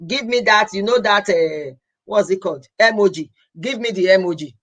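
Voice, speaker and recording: Hosting a laid-back live stream, this healthcare professional is a young adult woman from Nigeria's Edo State with a Nigerian accent. Her mid-range voice moves at normal speed as she pleads earnestly, repeats her words, and drifts into Pidgin.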